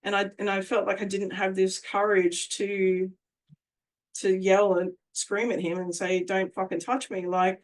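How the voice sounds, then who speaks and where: A woman's voice: mid-range voice, completely flat delivery, a little slow. A woman guest in an interview, telling a personal story in a candid, emphatic way and swearing freely. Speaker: interview guest, survivor advocate.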